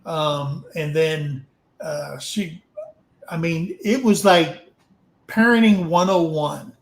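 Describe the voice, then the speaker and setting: A man's voice: fairly high pitch, roomy sound, low-quality recording. A man casually telling a frank, rambling story to a livestream audience, swearing now and then. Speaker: open mic storyteller.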